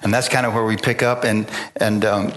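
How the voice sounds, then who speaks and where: A man's voice: lowish voice, level tone, normal speed, a bit bright, a little hiss or hum. A man preaching a sermon, retelling the story in a loose, conversational way, acting out the dialogue and often stopping to restart his sentences. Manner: casual retelling with acted-out dialogue. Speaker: pastor.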